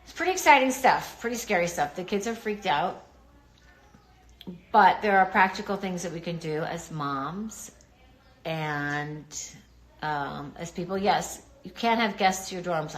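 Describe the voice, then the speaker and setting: A woman's voice: on the low side, fairly bright tone. A middle-aged woman chatting casually on a live stream, reassuring her viewers and greeting commenters. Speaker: livestream host talking to viewers.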